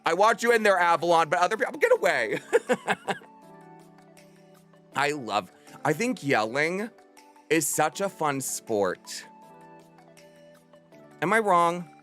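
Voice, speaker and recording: A man's voice: a little high, big pitch swings, takes it slowly, long pauses, pushed and bright, faint music behind. Bubbly, theatrical man streamer in his thirties. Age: 30s. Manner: bubbly and theatrical, bursts into playful screams. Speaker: livestreamer. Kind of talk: casual livestream chat with viewers.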